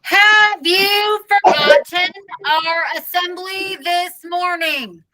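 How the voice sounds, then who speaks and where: A woman voicing a stern, angry school principal, shouting and demanding in a read-aloud of a children's book. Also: extremely high pitch, slow pace, heavily acted, low-quality recording.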